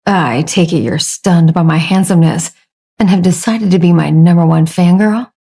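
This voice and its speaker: A cheerful, vain young man who teases and brags about himself, as a woman reads him. His voice is mellow and soft, with a breathy edge. He is a figure in a romance audiobook. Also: lowish voice, moderate pace. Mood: playful. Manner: teasing, boastful.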